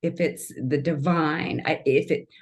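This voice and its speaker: A woman's voice: low-pitched, fairly even intonation, a little slow, darkish tone. A middle-aged woman from Kansas City talking as a podcast guest, earnest and emotional, rambling and restarting her sentences. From Kansas City, Missouri. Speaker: podcast guest, tree artist and storyteller. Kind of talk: casual podcast interview.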